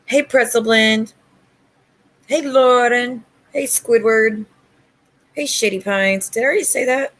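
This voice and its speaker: A woman hosting a casual livestream at home, talking bluntly and sassily with quick retorts to her viewers. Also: a little high, fairly even intonation, fairly bright tone. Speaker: livestream host.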